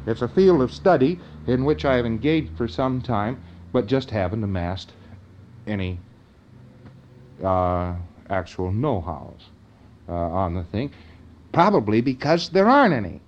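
A man's voice: mid-range voice, highs cut off. A man giving an informal lecture in a conversational way, often checking in with his listeners.

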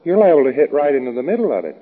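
A man's voice: fairly high pitch, big pitch swings, very fast. A man giving an informal lecture in a wry, rambling, anecdotal way. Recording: thin phone-like old recording.

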